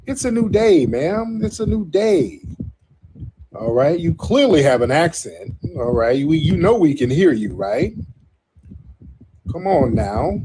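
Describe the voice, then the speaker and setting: A man's voice: mid-range voice, background noise. A man hosting a live call-in talk show, mocking and sarcastic with his callers. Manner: mocking, sarcastic, drawn-out put-downs. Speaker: host taking callers.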